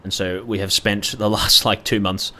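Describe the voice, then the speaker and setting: A man's voice: fairly low pitch, level tone, moderate pace, sharp tone. A young man chatting loosely as a gaming streamer, rambling and swearing freely. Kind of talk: casual live-stream commentary.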